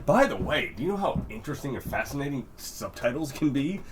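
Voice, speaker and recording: A man's voice: mid-range voice, very animated, fairly quick, background noise. Rambling, swearing male podcast host. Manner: rambling, swearing, laughs a lot. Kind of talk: casual chat.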